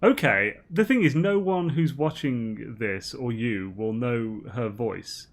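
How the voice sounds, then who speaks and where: A man's voice: mid-range voice, animated, slow. Rambling, giggly man streaming. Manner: rambling, giggly, full of ums and restarts. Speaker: game streamer. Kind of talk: casual gaming banter.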